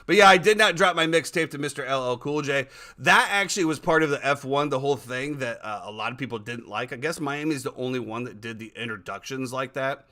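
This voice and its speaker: A man talks through a casual podcast episode, piling up eager stories about his weekend. His voice is bright and forward, at an everyday middle pitch. He stumbles over and repeats words as he builds each story. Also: fairly quick. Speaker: podcast host.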